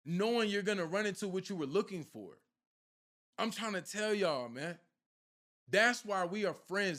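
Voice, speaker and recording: This spiritual content creator, high-voiced and a bit bright, talks casually and directly to viewers. He's preachy and repetitive, saying things again and again to drive them home.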